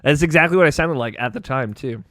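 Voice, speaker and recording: A man's voice: a little high, fast talker, a bit bright, no room sound. A man hosting a gaming podcast, chatting casually and rambling with lots of fillers and restarts. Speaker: podcast host.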